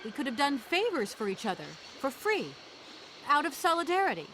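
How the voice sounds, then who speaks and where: A sharp young lawyer heroine. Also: female voice, sits high, very animated, slight background noise. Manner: poised, brisk and sharp-tongued. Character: ambitious young New York lawyer woman. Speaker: game protagonist. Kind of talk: video game voice acting.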